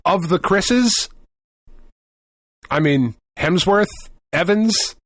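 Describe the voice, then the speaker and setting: A man's voice: high-pitched, lively intonation, extremely slow, a bit bright, no echo. A man co-hosting a podcast in casual chat, swearing freely and laughing often. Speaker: podcast co-host.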